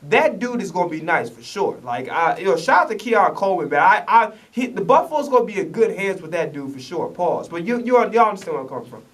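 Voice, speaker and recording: A man's voice: high-pitched, sing-song, fast, few pauses, fairly bright tone, distant mic. A man rants in casual commentary, profane and rambling, stumbling over restarts. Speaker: vlogger reacting to the draft.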